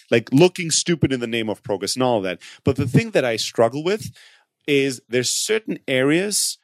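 Halting, animated man on a podcast. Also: mid-range voice, no room sound, studio quality. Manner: halting, many restarts, bursts of animated retelling. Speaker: podcast co-host. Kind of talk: casual conversation.

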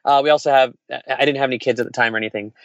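Fast-talking candid man, lo-fi sound. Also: mid-range voice, steady tone, a bit bright, clear, resonant tone, dry recording. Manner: rambling, candid, laughs while telling. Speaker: entrepreneur sharing stories. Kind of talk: casual conversation. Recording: dull, lo-fi sound.

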